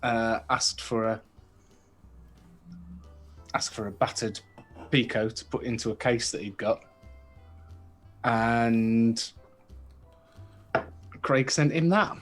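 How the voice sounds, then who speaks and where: A man's voice: medium pitch, steady tone, slow, pauses often, faint music behind. A British man co-hosting a casual podcast chat, rambling with many restarts. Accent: British English. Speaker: podcast co-host.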